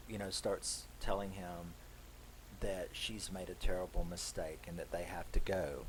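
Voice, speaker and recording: A man's voice: sits low, a little mellow, slight background noise, rough recording. A man giving a casual horror film review, recapping the plot in a loose, conversational way.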